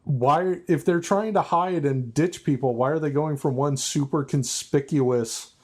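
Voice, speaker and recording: A man's voice: fairly high pitch, measured pace. A man on a podcast panel, chatting casually and tossing out sarcastic quips with frequent laughs. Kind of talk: casual roundtable chat.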